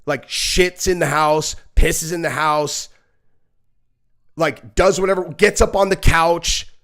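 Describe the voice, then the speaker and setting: A man hosting a casual live reaction stream, talking bluntly and profanely in long rambling stretches full of fillers, and now and then shrieking in a high voice to act out kids and dogs. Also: steady tone, slow, fairly bright tone. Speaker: podcast host.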